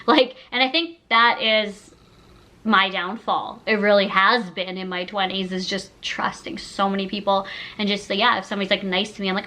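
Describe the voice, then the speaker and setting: A YouTuber around thirty chats casually to the camera while seated, her mid-range voice steady in tone, bright and forceful, at a moderate pace. She's emotional and gushing, filling her speech with "like," and the recording quality is low.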